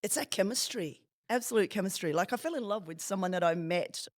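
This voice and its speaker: A woman of Filipino background, a padel player answering quick questions as a podcast guest, cheeky and laughing as she tells stories. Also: medium pitch, no echo, clean studio sound. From Philippines. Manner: cheeky, laughing, animated storytelling. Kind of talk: rapid-fire question interview.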